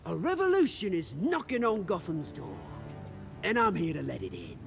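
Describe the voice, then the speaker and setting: A man's voice: sits high, huge pitch swings, moderate pace, gravelly, heavily acted. An actor playing a scheming male crime boss, menacing and theatrical, over game music. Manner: menacing, theatrical, swings between loud and hushed. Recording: game audio with music underneath.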